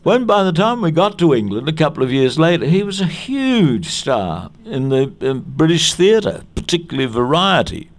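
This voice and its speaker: A man's voice: on the high side, very animated, moderate pace, few pauses. An older Australian man, a veteran actor, reminiscing in an interview with a chatty, anecdotal manner, restarting phrases as he goes. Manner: anecdotal and chatty, with restarts and quotes acted out in other voices.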